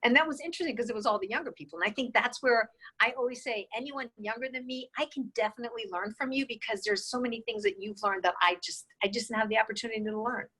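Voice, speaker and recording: A woman's voice: fairly high pitch, fast, few pauses, bright, forceful tone, husky, poor audio. A woman in her sixties, a guest in an interview, who tells her stories with energy and acts out the dialogue she quotes. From New York State. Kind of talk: casual storytelling interview.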